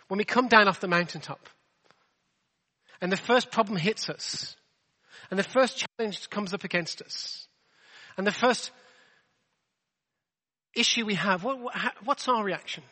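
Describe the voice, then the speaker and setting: A man's voice: sits high, bright, forceful tone, in a large hall. A man preaching a sermon in a chatty, self-deprecating way, full of rhetorical questions. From England.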